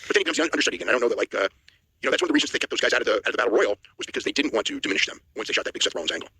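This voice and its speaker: A man co-hosting a wrestling news show, giving blunt opinions in a casual chat, with a husky voice. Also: medium pitch, big pitch swings, sharp tone, no echo, poor audio. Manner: fast opinionated talk with restarts.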